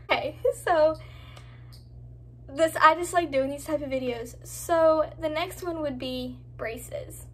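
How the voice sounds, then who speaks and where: A woman's voice: sits high, slow, fairly bright tone. A young woman from Florida talking casually to her camera as a vlogger, rambling and chatty with lots of "like". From Florida, United States. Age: young adult. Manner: chatty, rambling, heavy use of "like". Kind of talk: casual vlog talk to camera.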